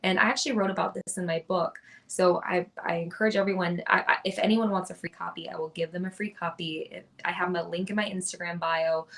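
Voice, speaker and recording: A woman's voice: fairly low pitch, steady tone, fast, creaky, few pauses, fairly bright tone. A young woman, a podcast guest, telling her story in an earnest, chatty way with lots of restarts. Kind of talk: casual interview storytelling.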